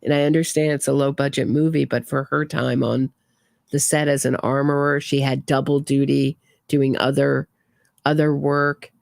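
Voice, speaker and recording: A woman's voice: extremely low pitch, flat delivery, normal speed, creaky, darkish tone, no echo, clean studio sound. A woman hosting a true crime commentary, talking casually and sarcastically with frequent restarts. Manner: opinionated, sarcastic, trailing restarts.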